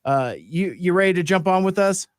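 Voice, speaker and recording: A man's voice: high voice, brisk, clean tone, no room sound, clean studio sound. A man hosting a podcast live stream, talking in a loose, rambling way with lots of fillers. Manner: rambling, many fillers and restarts. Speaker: podcast host. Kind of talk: casual live-stream chat.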